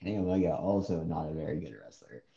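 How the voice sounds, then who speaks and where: Low, dark-voiced man, blunt and dismissive. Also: animated, fast, creaky. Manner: blunt, dismissive, laughs often. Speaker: co-host. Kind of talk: casual podcast chat. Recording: echoey dull-sounding room.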